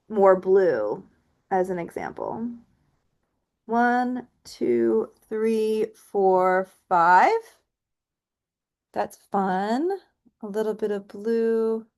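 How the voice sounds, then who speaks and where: A woman teaching a relaxed painting tutorial, chatting and thinking aloud as she works and counting softly while she stamps. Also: medium pitch. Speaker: painting instructor. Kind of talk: relaxed step-by-step art tutorial.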